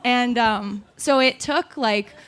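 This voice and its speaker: A woman hosting a live songwriter show, talking on stage while close to tears, rambling and halting and laughing through it. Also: on the high side, fairly bright tone. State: tearful, on the verge of crying. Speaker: host and singer-songwriter. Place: small live music venue stage.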